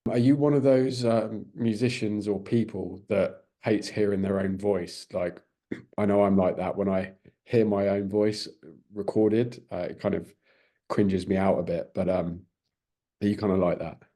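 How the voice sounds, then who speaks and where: Man, British accent, interviewer, hesitant and polite, lowish dark tone. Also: fairly even intonation, unhurried. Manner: hesitant, many ums, polite. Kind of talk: casual interview.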